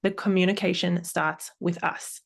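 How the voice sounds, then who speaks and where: Woman in her 30s, solo podcast host, upbeat and animated. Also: lowish voice, moderate pace, gravelly. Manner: upbeat, laughs often, acts out examples. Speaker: podcast host and parenting coach.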